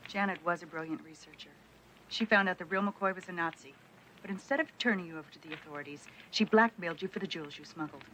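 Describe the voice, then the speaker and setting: An actress playing a calm, sharp-witted woman police detective who lays out the case matter-of-factly. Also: fairly low pitch, fast, slight background noise, poor audio. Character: level-headed woman detective, adult.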